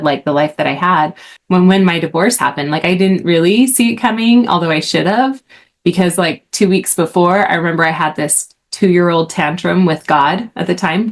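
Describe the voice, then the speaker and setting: Chatty woman telling a personal story. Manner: chatty, frequent "like", rises in pitch when excited. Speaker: podcast host.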